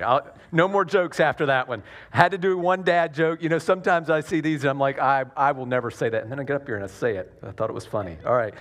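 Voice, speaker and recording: Joking Southern pastor preaching. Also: male voice, medium pitch. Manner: earnest, self-deprecating, restarts often. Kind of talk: sermon with jokes.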